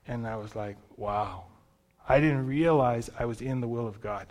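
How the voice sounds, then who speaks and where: A man's voice: medium pitch, measured pace, a little mellow. A man preaching a sermon, telling a personal testimony in a conversational, storytelling way. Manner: storytelling, conversational, self-deprecating.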